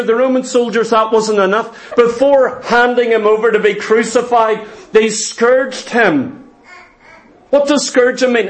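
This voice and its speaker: A man preaching a sermon in an earnest, emphatic way, asking his listeners questions. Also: very high-pitched.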